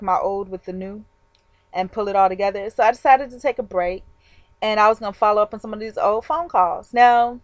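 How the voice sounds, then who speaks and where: A woman telling a story to her viewers in a casual, animated, chatty way, with frequent fillers and laughs. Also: mid-range voice, no room sound. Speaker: vlogger.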